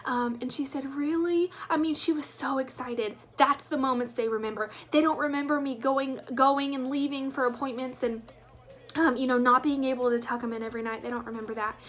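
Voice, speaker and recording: A woman's voice: sits high, fairly even intonation, brisk, a bit bright. A woman, telling her story as a sales director with enthusiastic emphasis. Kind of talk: personal testimonial.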